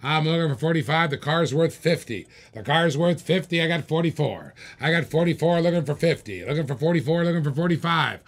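A man hosting a live-stream auction, calling bids in rapid repeated phrases and egging bidders on. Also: a little high, animated. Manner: rapid repetitive bid calling, hyping bidders. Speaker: auctioneer host.

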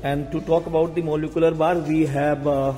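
A man with an Indian English accent giving a casual vlog tour of a bar, talking slowly with many fillers and pauses. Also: fairly high pitch, level tone, dark tone. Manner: hesitant, many fillers, slow. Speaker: hospitality vlogger. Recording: long reverb in a hall.

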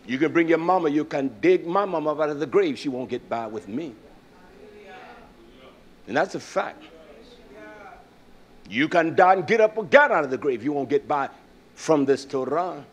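An older man preaching a sermon as pastor, swinging from shouted climaxes to hushed storytelling, with frequent "uh" fillers. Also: on the high side, lively intonation, normal speed, long pauses.

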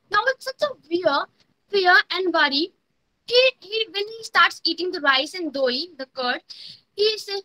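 Teen girl from india telling a folk story, really high voice, bright and lively, acts out the bits. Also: measured pace, low-quality recording. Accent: Indian English. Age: teens. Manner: expressive, acts out characters' lines. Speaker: student storyteller. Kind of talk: school story narration with voice modulation. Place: home, online competition.

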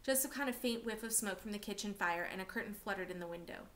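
A woman reading a novel aloud for a class, steady and expressive. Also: mid-range voice, fast, slight background noise.

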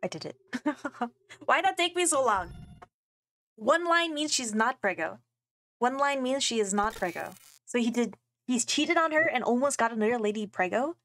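A woman's voice: fairly high pitch, expressive, moderate pace, a bit bright. A young woman playing a game, reading its texts aloud and reacting with casual, laughing, swearing commentary. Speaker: gaming streamer. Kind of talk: casual let's play commentary.

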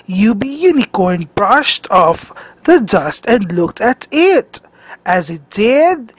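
A teacher, a woman, reading a children's storybook aloud in a slow, expressive, sing-song way. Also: mid-range voice, dry recording.

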